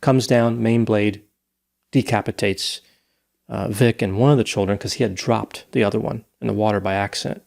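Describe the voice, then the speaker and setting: A man's voice: fairly low pitch, fairly even intonation, normal speed, vocal fry, darkish tone. A man hosting a casual true-crime discussion, telling a case story at length. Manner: storytelling, recounting details at length. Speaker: podcast host.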